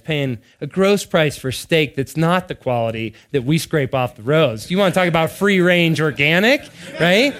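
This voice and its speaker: A man in his thirties or forties preaching, telling family stories with laughter and animated bursts. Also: fairly high pitch. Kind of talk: sermon-style storytelling.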